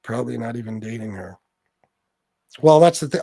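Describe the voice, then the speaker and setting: A man hosts a casual livestream chat, speaking bluntly, swearing freely, and reading out viewer names. His medium-pitched voice is creaky, mellow, and a bit breathy at normal speed, in a dry recording.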